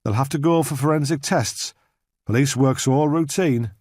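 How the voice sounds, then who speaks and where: A man's voice: mid-range voice, moderate pace, darkish tone, no echo, studio quality, lightly acted. A man voicing a methodical male police inspector, formal and businesslike as he questions people. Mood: probing.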